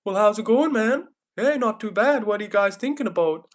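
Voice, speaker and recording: A man's voice: sits high, expressive, a little fast, voice pushed up. A man voicing a laid-back, friendly Canadian guy in an easygoing drawl.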